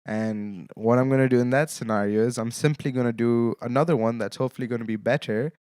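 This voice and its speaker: A man's voice: medium pitch, steady tone, fast talker, darkish tone, smooth, dry recording, clean studio sound. A young man hosting his own solo podcast, talking casually with lame jokes and checking in with his listeners as he goes. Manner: casual, joking, often checks in with "okay?". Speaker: podcast host.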